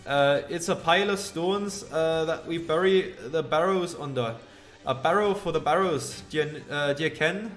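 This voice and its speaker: A man's voice: a little high, normal speed, hardly any pauses, a bit bright, faint music behind, close to an everyday voice. A man voicing a grumpy, exasperated male farmer in a put-on Scottish accent, talking in a blustering way full of broad dialect words. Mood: impatient.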